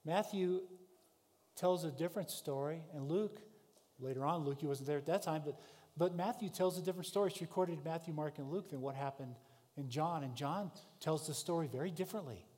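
A man preaching a sermon, telling a vivid story in the second person, rising to shouts and dropping to hushed tones. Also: fairly high pitch, fairly quick. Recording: long hall reverb.

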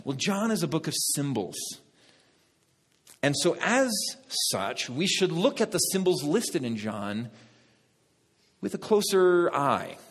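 A man's voice: on the high side, slow pace, pauses often, breathy edge. Man preaching in a reverberant hall. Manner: lively, talks to the congregation, laughs at own jokes. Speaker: pastor. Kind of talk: sermon.

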